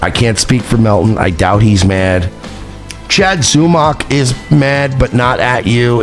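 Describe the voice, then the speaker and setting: A man hosting his own online show, delivering a profane, mocking rant at a rival, taunting and sarcastic. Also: fairly low pitch. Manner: sarcastic, taunting, swings between shouting and muttering.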